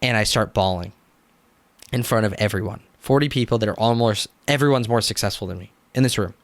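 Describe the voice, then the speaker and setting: A young man, a business coach, telling his story in a casual interview, animated, acting out quotes and using "like" often. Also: lowish voice, a little fast, no room sound. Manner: animated, acts out quotes, frequent "like" fillers.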